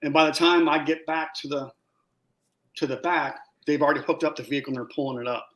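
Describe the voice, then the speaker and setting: A man with a slightly high voice tells a long story in a relaxed podcast interview. He gets animated, jumping up in pitch and volume to act out what people said, with plenty of swearing. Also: fast talker. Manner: animated storyteller, acts out quotes loudly, swears. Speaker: guest, former Marine scout sniper.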